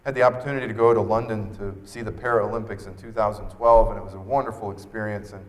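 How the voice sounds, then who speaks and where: A man giving an earnest personal storytelling talk as a keynote speaker at an expo, acting out dialogue in lively voices. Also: lowish voice, fast talker, big-room sound. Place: expo stage.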